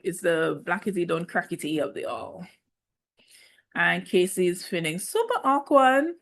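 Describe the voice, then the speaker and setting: A reality show recap host offers an opinionated, loose, chatty rundown of a dating show, teasing the cast and slipping in playful asides. Her voice sits at an ordinary middle pitch for a woman, with a bright, forceful tone.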